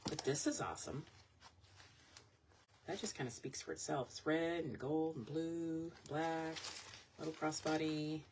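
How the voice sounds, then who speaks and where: A woman's voice: low voice, unhurried, pauses often. A woman selling vintage goods online, chatting casually and rambling as she shows items on a live stream. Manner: chatty, rambling, thinks aloud. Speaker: online vintage seller showing products. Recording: loud background noise, crinkling packaging.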